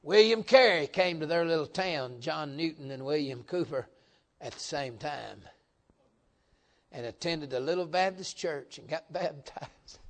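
Folksy preacher, joking and emphatic. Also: male voice, fairly high pitch, animated, measured pace. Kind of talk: folksy revival sermon.

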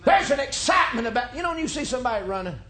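A male pastor, preaching a folksy, joking sermon that climbs into shouts. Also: very high-pitched, very animated, rapid-fire. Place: church sanctuary.

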